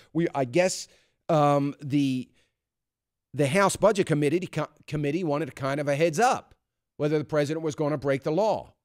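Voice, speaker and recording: A man's voice: on the high side, moderate pace, darkish tone, no room sound. Male talk radio host, dry studio sound. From United States. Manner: conversational, emphatic, with frequent fillers and restarts.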